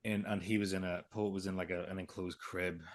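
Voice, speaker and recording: Podcast co-host, male, lowish voice, emotional first-person storytelling with quoted dialogue. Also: level tone, a little fast. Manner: emotional retelling with quoted dialogue, hesitant restarts.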